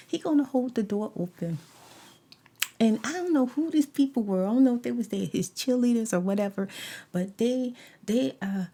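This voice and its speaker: Soft-spoken storytelling woman with husky voice. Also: a little high, moderate pace. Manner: animated retelling with frequent whispered asides. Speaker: ASMR storyteller. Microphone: desk USB microphone.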